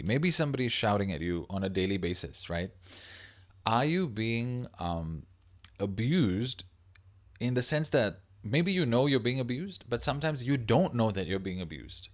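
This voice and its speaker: A man hosting a livestream, talking casually and rambling, reading viewer comments aloud as he goes. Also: fairly low pitch. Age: adult parent of a young child. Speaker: livestream host.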